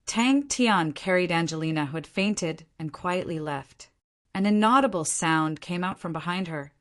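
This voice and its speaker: A woman narrating a fantasy novel audiobook in a steady, even reading voice. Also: on the low side, normal speed. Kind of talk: scripted narration.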